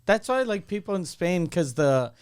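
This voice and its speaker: A man's voice: high voice, sing-song, normal speed, darkish tone, smooth. A man co-hosting a casual comedy podcast, hesitant with restarts and sudden rising bursts. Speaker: podcast co-host.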